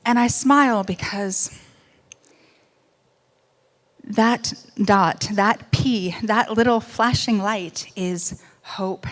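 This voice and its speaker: A woman's voice: medium pitch, takes it slowly. Woman telling her story with swings in volume. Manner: animated, swings between loud outbursts and hushed moments; wry humor amid serious story. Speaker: speaker giving personal testimony. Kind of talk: emotional first-person storytelling speech.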